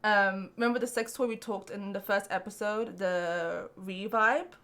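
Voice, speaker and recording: A woman's voice: medium pitch, steady tone, unhurried, a bit bright. A young woman co-hosting a podcast, telling frank stories in casual chat with plenty of swearing and laughter. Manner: blunt, profane, laughing storyteller. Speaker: podcast co-host.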